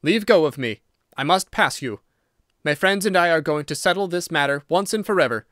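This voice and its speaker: A man's voice: on the high side, normal speed, fairly bright tone, smooth, no room sound, clean studio sound, close to an everyday voice. A man reading the part of an agitated, determined husband in an audiobook, urgent and stern. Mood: stern, shocked.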